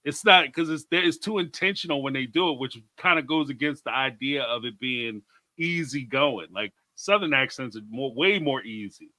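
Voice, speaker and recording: A man co-hosting a casual chat show, talking in an animated way, laughing often and reading out viewer comments. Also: medium pitch, moderate pace, no room sound. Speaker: co-host.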